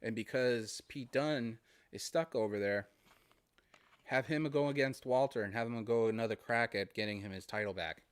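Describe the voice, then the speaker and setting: A man with a Boston accent, originally from Massachusetts, hosts his casual solo podcast in a clear, resonant, medium-pitched voice at a moderate pace. There's no echo as he rambles in a friendly way, chuckling between thoughts.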